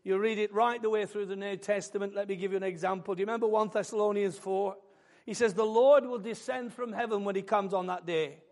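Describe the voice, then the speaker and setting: A man preaching a sermon, building fervently into loud, emphatic declarations. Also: sits high, steady tone, fairly quick.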